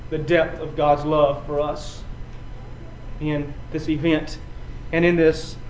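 A man preaching a sermon, building from quiet passages to loud, emphatic runs and often repeating his words. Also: a little high, level tone, slow pace, slight background noise, poor audio. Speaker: pastor.

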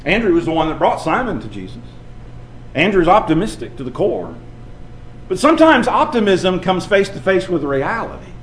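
A man's voice: fairly high pitch, normal speed, roomy sound, a little hiss or hum. A male preacher telling stories in a sermon, acting out the people he quotes. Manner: storytelling, animated, acts out quoted voices.

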